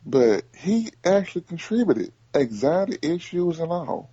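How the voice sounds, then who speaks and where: Animated man talking sports, lively pitch. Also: breathy edge, no room sound, dull audio. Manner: animated, repeats himself, rapid bursts. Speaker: podcast host. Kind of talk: casual sports chat.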